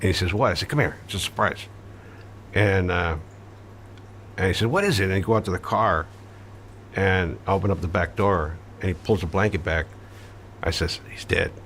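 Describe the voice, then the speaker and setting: A man's voice: deep voice, steady tone, moderate pace, pauses often, a bit bright, a little hiss or hum. A man telling a story in an interview, blunt and matter-of-fact, with casual swearing and many fillers. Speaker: interview guest recounting his past. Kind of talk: conversational storytelling.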